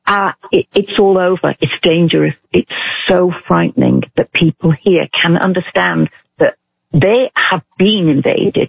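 Husky British woman on a phone line. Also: lowish voice, dry recording. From Britain. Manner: earnest, halting, alarmed. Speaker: caller. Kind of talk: talk radio call-in.

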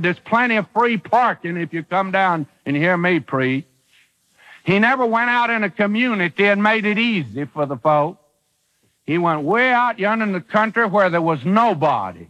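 A man preaches a sermon in a high, bright voice with emphatic, dramatic delivery, his pitch swinging widely from phrase to phrase as he acts out quotes. The audio is poor, with the thin quality of an old radio broadcast.

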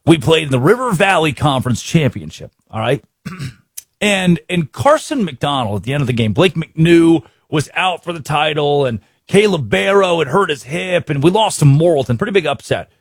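A man hosting a sports talk show, giving excitable commentary in bursts full of repeats and restarts. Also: on the high side, normal speed, breathy edge, dry recording, studio quality.

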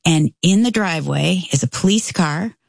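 A woman telling a story in casual conversation, acting out the voices she quotes in an animated way. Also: fairly low pitch, moderate pace, gravelly, dry recording, clean studio sound. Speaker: storyteller guest.

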